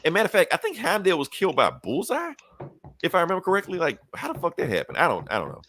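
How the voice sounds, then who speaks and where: A man hosting a podcast, recapping a comic in a casual, animated way, swearing freely and briefly acting out characters' lines. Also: fairly high pitch, fast, slight background noise. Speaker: podcast host.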